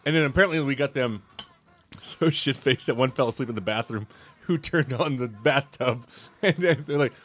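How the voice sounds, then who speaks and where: A man's voice: medium pitch, a bit bright. A man co-hosting a podcast, telling stories in casual chat and acting out what people said. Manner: fast storytelling with quoted voices. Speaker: podcast co-host.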